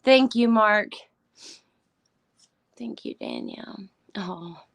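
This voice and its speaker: On a laid-back livestream, the host, a woman, is on the verge of tears as she names and thanks her viewers, her voice frequently falling to a whisper. She speaks slowly in a creaky, slightly bright mid-range voice with huge swings in pitch.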